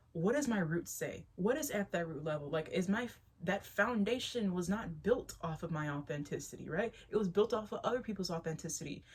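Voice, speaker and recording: A young adult woman talking casually to camera as a spiritual vlogger, rambling, animated, laughing often and restarting her sentences. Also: fairly low pitch.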